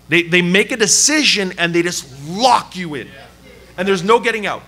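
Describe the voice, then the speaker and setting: A man from Canada preaches from the pulpit, recounting a story with a lively, self-mocking humor. His voice sits a little high and sounds bright and forceful, with frequent laughter. He speaks in a sermon style. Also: normal speed. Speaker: pastor. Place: church service.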